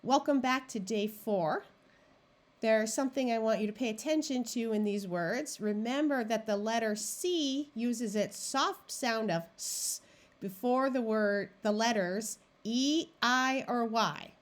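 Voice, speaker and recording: A woman reading tutor giving a phonics lesson, sounding out practice words one at a time and explaining syllable rules. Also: fairly high pitch. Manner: slow, deliberate, clear word-by-word modeling.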